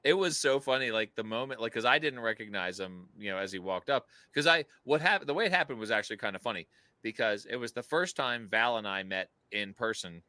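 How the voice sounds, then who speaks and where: A man hosting a podcast, telling stories in an animated way and laughing often. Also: lowish voice, a little fast, no room sound. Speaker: podcast host. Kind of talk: casual chat.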